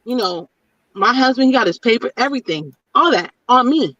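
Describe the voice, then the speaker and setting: A woman's voice: fairly high pitch, lively intonation, a little fast, a bit bright. A middle-aged woman in a candid casual chat, speaking bluntly and emphatically and repeating her points. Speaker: panelist in a women's chat. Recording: distant, dull lo-fi audio.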